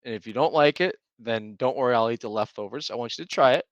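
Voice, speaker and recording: A man co-hosting a casual podcast about parenting, telling animated stories and acting out his kids' lines. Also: medium pitch, fast, dry recording, muffled recording. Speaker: podcast co-host. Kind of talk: casual chat.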